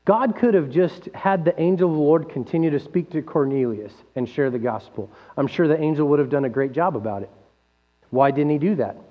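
A man with a high voice preaches a sermon, lively and full of rhetorical questions. His voice rings through a large hall with a long reverb. The recording sounds dull and lo-fi, with a faint mains hum underneath. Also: a little fast. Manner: animated, acts out quoted voices, rhetorical questions. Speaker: pastor.

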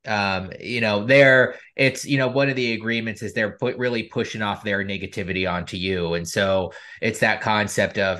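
Rambling podcast host, fairly low voice. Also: male voice, moderate pace, hardly any pauses, sharp tone. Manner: rambling, hesitant questions. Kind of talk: casual podcast interview.

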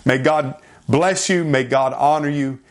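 A man delivering a sermon in an earnest, emphatic preaching manner. His voice sits a little high for a man. He lingers over scripture, reading it with drama. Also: measured pace. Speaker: pastor.

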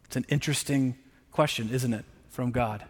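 A man preaching a sermon in a conversational, animated way, often checking in with the listeners with a quick "right?". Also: mid-range voice, breathy edge. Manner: conversational preaching, with frequent "right?" tag questions. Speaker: pastor. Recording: long reverb.

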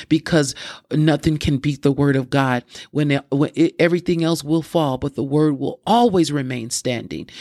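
A man preaches a fervent sermon in a fairly high voice. He breaks in often with "glory to God" and moves into prayer and prophetic declarations. The sound is dry and close to the mic. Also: darkish tone, no echo.

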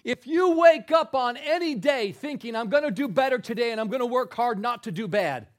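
A man preaching a sermon, telling a folksy joking story, swinging between loud exclaiming and hushed soft delivery. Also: extremely high pitch, expressive, fairly quick. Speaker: pastor.

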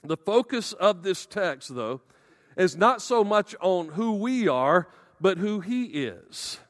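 A man preaching a sermon as pastor, emphatic and slowing down to stress key words. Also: sits high, sing-song, big-room sound.

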